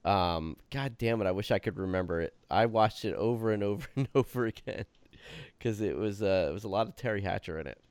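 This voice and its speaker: A man's voice: on the low side, brisk, a little mellow, smooth, no echo. A man casually chatting as podcast co-host about a TV episode, swearing and laughing easily.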